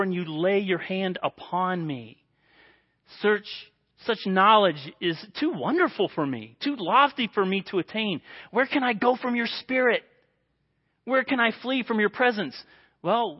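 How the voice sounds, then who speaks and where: A man preaching a sermon in an earnest way, dropping to a hushed voice for quoted prayers. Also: high-pitched, expressive, measured pace, highs cut off.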